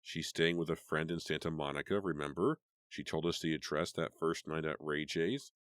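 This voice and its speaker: A man voicing a calm, quiet teenage girl. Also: rumbling low, normal speed, dry recording, clean studio sound. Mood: soothing. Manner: quiet and steady.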